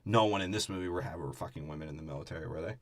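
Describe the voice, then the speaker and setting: A man's voice: low voice, very fast. A man co-hosting a podcast, talking casually and irreverently with lots of swearing and joking. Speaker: podcast co-host. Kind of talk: casual comedic movie breakdown.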